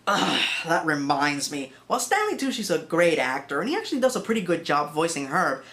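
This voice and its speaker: A woman's voice: deep voice, sing-song, fairly quick, fairly bright tone, a little hiss or hum. A woman narrating a comedic film review in a sarcastic, exasperated manner.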